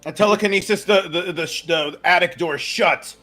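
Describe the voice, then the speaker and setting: A man's voice: high-pitched, normal speed, pushed and bright, dry recording, soft background music. A man playing a tabletop game, describing his actions hesitantly. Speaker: player. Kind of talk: casual tabletop chat.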